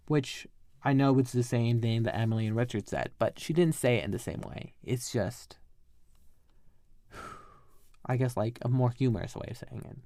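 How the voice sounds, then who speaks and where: A chatty man rambles through a casual show recap and keeps sidetracking himself. His voice sits at an ordinary middle pitch. The sound is close and dry, with no room around it. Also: moderate pace, creaky, darkish tone, dry recording. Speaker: podcast host.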